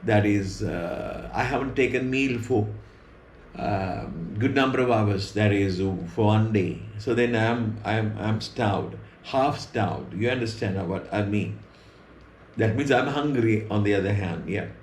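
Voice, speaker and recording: A man's voice: on the low side, unhurried. A man with a Sri Lankan accent, a native Sinhala speaker, patiently explaining words while telling a story as an English teacher. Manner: repeats and rephrases words patiently. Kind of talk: slow explanatory storytelling lesson. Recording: roomy echo, faint background hum.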